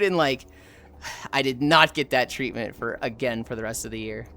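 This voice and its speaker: A woman's voice: rumbling low, fairly quick, dry recording. A woman streamer telling rambling stories from her school days in casual, profane chat while greeting viewers. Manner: profane, rambling, animated retelling.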